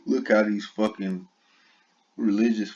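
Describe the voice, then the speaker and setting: A very deep, flat-voiced man delivers combative reaction commentary, cursing constantly and without softening anything. He talks slowly and deliberately. The audio sounds dull and lo-fi. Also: noisy background. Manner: blunt, combative, heavy swearing. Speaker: online commentator.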